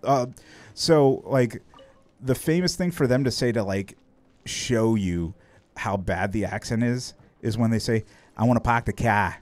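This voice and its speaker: A man's voice: mid-range voice, unhurried, a little mellow. An American man chatting casually on a live stream, laid-back and chuckling, rambling with restarts. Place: home setup near Philadelphia.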